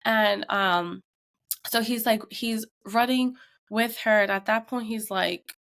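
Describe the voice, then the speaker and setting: A woman's voice: fairly high pitch, slow pace, creaky. A woman in her thirties, a podcast co-host, telling a tense family story in casual chat and acting out the quotes. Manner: animated retelling with acted quotes.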